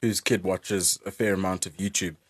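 A South African man co-hosting a casual podcast chat, playful and quick to laugh. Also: low-pitched, steady tone, breathy edge, no echo. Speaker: podcast co-host.

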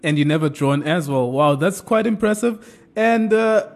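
A man's voice: a little high, lively intonation, normal speed. A man hosting a radio sports show, talking with enthusiasm and exclamations.

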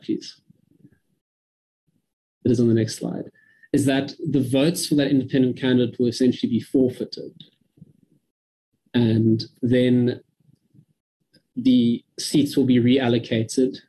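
A man from South Africa giving a measured, careful briefing to a parliamentary committee over a video call. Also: medium pitch, warm tone, slightly rough, rough recording. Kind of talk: formal briefing.

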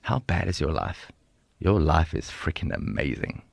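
A South African man in his forties telling a personal story as a podcast guest, animated, acting out dialogue and laughing often. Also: rumbling low, measured pace, gravelly, slightly rough, no room sound, clean studio sound. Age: 40s. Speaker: guest speaker. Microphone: studio microphone.

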